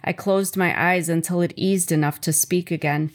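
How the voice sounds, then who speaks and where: A woman reads a chapter of her own memoir aloud. Her voice sits a little low, and her delivery is measured and earnest, a personal first-person reading. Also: little pitch movement.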